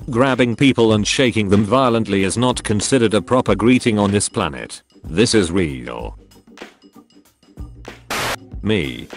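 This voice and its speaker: A man narrating a meme channel, reading funny posts aloud in a dry, matter-of-fact way. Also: fairly low pitch.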